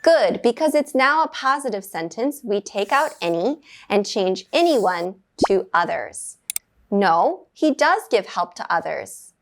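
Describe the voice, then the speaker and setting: Woman reading a beginner grammar lesson, clear and measured, perks up on the praise bits. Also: medium pitch, big pitch swings. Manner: clear, measured, with bright upbeat praise words. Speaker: English teacher.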